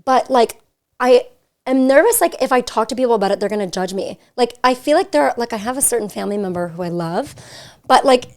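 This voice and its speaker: A woman's voice: a little high, animated, a little fast. Chatty young woman hosting a podcast. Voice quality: chatty, filler-heavy, giggly. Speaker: podcast host. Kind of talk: casual chat. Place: hotel suite.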